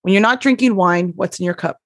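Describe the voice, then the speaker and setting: A woman hosting a podcast, introducing the episode and asking quick questions. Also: mid-range voice, no echo, clean studio sound. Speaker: podcast host.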